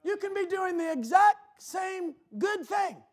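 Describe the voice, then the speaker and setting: A man with a strikingly high voice preaches in church. He works the congregation, shouting his key points and then slipping into quick, offhand asides. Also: animated. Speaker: pastor. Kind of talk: sermon.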